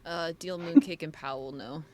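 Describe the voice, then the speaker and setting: A woman's voice: low-pitched, moderate pace, a crowd in the background. A woman at a tabletop game, playful and goofy while tracking rolls. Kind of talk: casual tabletop game chat.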